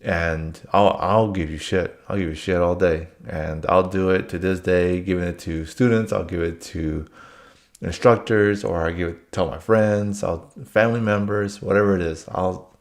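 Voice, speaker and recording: A man's voice: sits low, steady tone, moderate pace. A man telling work stories in a casual monologue, blunt and rambling, swearing freely.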